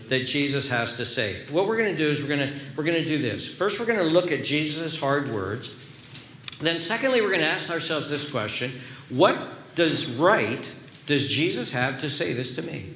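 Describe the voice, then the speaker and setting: A man's voice: fairly high pitch, fairly bright tone, slight background noise. A man preaching a sermon as pastor, earnest and emphatic, repeating his key phrases. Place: church sanctuary. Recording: echoey room, faint ambience.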